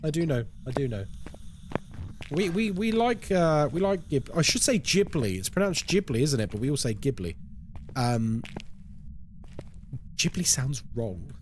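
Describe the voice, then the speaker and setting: Male streamer, chatty live gameplay commentary, fairly high voice with lots of pitch movement. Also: very animated, normal speed, darkish tone, slight background noise. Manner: chatty, reacts aloud to the game and greets viewers. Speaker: horror game streamer.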